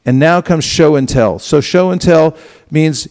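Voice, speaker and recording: A man's voice: a little high, normal speed, a little mellow. A man teaching a devotional class, often acting out short quoted exchanges and asking the audience to respond. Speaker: teacher of book distribution. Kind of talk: class talk.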